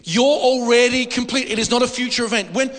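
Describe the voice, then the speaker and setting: Animated high-voiced man preaching in a hall. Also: fairly quick. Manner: animated, emphatic, repeats words for stress. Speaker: pastor. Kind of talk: sermon. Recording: hall reverb.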